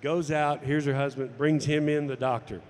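A man's voice: mid-range voice, fairly even intonation, moderate pace, darkish tone, long reverb tail. A man telling a personal story to camera, acting out the dialogue as he goes. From United States. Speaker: golf instructor and former tour pro.

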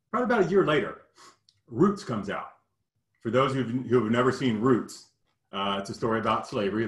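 A man from Kentucky earnestly recounting a childhood memory in casual storytelling, halting and full of "you know". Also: medium pitch, a bit bright, echoey room. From Kentucky, US South.

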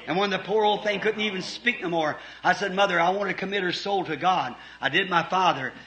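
Fervent high-voiced preacher man. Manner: fervent, rising to shouts, then dropping soft for stories. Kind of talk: sermon.

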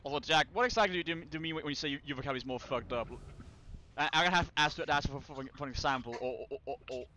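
A man streaming a co-op shooter with his friends, stumbling over his words and swearing as he goes. His voice is bright and ringing, and it sits a little high for a man. There is a faint hiss behind him. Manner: stammering, swearing, quick repetitions. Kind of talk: casual gaming chat with friends.

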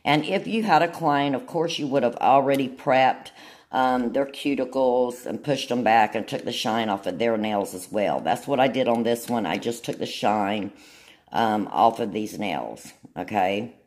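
A woman's voice: extremely low pitch, a little slow, darkish tone. A woman gives a casual, chatty nail tutorial, often checking in with her viewers. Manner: chatty, keeps checking in with "okay?".

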